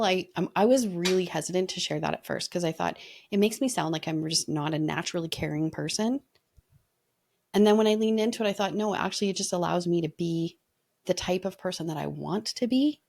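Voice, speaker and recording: A woman's voice: lowish voice, brisk, vocal fry, a little mellow. A woman leadership coach talking in an earnest, reflective way, telling stories in a casual podcast conversation.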